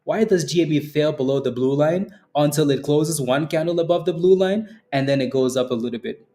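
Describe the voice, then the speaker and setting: A man's voice: fairly high pitch, a little fast, warm tone. A young adult man hosting a live stock trading stream, chatting casually and teasing his viewers, repeating phrases and laughing often. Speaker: stock trading livestream host. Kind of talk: casual livestream chat reading the chat.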